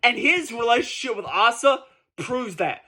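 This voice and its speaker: High, bright-voiced ranting man. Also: lively intonation, moderate pace. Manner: emphatic, profane, repeats points for stress. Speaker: manga commentary vlogger. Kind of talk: casual ranting commentary.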